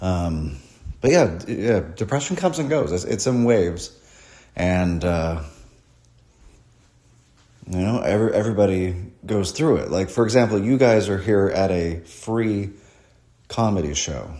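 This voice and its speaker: A man's voice: deep voice, lively intonation, a little slow, long pauses, mellow. A man performing a rambling, crude, self-deprecating stand-up comedy set at a live show.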